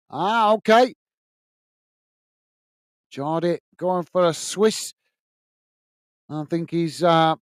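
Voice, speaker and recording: This is a high-pitched, smooth voice from the United Kingdom with no room sound. He runs a live football watch-along, calling the play and reading viewers' messages in a cheerful, upbeat way.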